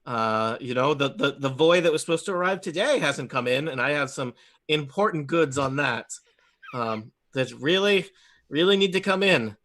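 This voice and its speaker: A man's voice: on the high side, animated, normal speed, a bit bright. A man voicing a chatty, fretful male gnome gem merchant who talks in eager, hesitant bursts. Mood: worried.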